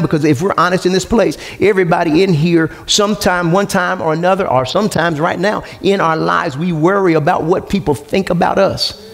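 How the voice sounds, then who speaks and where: A pastor with a high voice preaches to his congregation. He calls out questions for them to answer and climbs to loud shouts. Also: steady tone, fairly quick, gravelly. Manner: call-and-response preaching, rising to shouts. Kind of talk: sermon. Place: church sanctuary with congregation.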